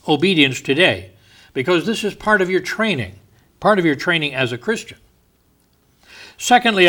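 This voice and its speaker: A male pastor preaching a sermon in church, talking with asides and chuckles, slowing down to stress the scripture he reads. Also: a little high, sharp tone.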